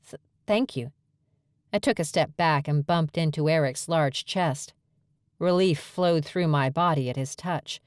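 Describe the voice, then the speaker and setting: A woman with a low voice narrates a first-person romance audiobook in a clear, steady manner. The recording is dry and close, with no room sound. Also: measured pace, dry recording.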